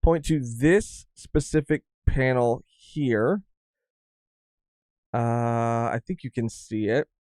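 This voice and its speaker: A young man co-hosting a podcast in casual chat, rambling and halting with frequent restarts. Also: medium pitch, darkish tone, smooth, dry recording, studio quality. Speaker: podcast co-host.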